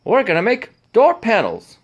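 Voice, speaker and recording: A man putting on an over-excited, hammy impression of a male car-repair show host. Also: normal speed, slightly rough, muffled recording, full character voice. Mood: hyped. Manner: loud, high and hammy.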